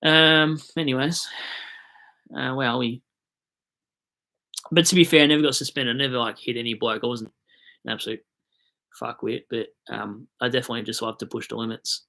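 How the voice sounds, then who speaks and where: A man's voice: mid-range voice, steady tone, moderate pace, creaky, pauses often, bright, forceful tone. A young Australian man hosting a livestream, telling rambling footy stories and reading chat aloud, swearing casually. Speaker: livestream host.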